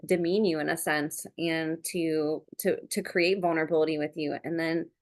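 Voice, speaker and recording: A woman's voice: deep voice, steady tone, moderate pace. A woman hosting a podcast, responding to her guest in an earnest, emphatic way, thinking aloud with restarts. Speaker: podcast host. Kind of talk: casual conversational interview.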